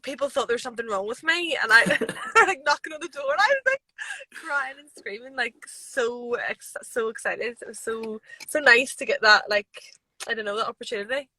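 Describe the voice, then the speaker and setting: A woman MMA fighter being interviewed, telling stories in a chatty, animated way with lots of fillers. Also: a little high, moderate pace, dry recording, low-quality recording. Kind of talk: casual interview chat. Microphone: live video stream.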